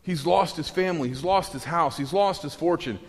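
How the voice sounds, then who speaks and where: A man preaching a sermon, telling the story in a wry, animated way with sarcastic asides. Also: fairly high pitch, normal speed, in a large hall.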